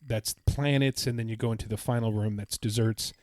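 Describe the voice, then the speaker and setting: Brisk and a bit mellow, this man's fairly low voice keeps a fairly even intonation as he rambles enthusiastically through a casual account of his trip as a podcast co-host. The recording is dry and studio quality.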